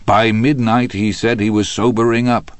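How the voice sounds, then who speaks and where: A man reading an audiobook in a steady, even storytelling manner. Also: on the low side, normal speed, dry recording. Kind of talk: audiobook narration.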